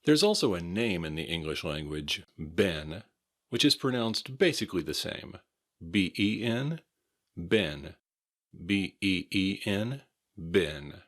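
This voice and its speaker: An American man teaches English pronunciation in slow, careful drills, repeating words and spelling them out letter by letter. His voice is deep and fairly bright, with lively intonation and a slow pace.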